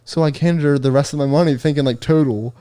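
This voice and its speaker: A man's voice: a little high, quick pace, mellow, dry recording, studio quality. A young man on a podcast, laughing sheepishly as he tells an awkward story and saying "dude" a lot. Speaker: podcast co-host. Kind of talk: casual storytelling chat.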